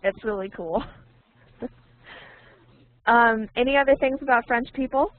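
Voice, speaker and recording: A woman's voice: fairly high pitch, no room sound. A woman leads an online English lesson, taking her time and saying each key word twice for her students. Her voice comes through a thin, phone-like call line. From United States. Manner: slow and deliberate, repeating words for learners. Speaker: English teacher.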